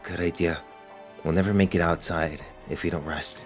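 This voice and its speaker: A man voicing a quiet, cautious young man sidekick, reading game dialogue in a hesitant, low-key way. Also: fairly even intonation, moderate pace, soft background music, close to an everyday voice. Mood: concerned. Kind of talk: game dialogue read aloud on a live stream.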